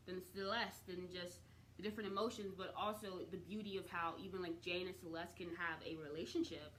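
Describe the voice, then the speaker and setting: A young adult woman recapping and reviewing a TV series in a chatty, expressive way, with casual slang and the odd swear. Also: mid-range voice, a little hiss or hum.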